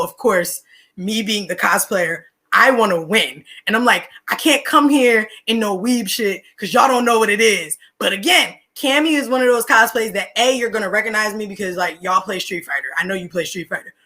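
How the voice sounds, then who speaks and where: A woman's voice: medium pitch, moderate pace. A young woman, a podcast guest telling stories in casual, slangy chat and laughing between lines. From Philadelphia, USA. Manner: animated, slangy, laughs mid-story.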